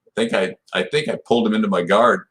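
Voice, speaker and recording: Speaking quickly in a lowish, fairly bright voice with fairly even intonation, this podcast guest in his sixties, a martial arts black belt, rambles through a long story. He keeps restarting and leans heavily on "you know."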